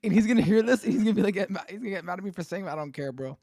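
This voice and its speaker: A man co-hosting a podcast, chattering fast and excitedly with laughs. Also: high-pitched, gravelly, no room sound, clean studio sound. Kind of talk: casual podcast chat.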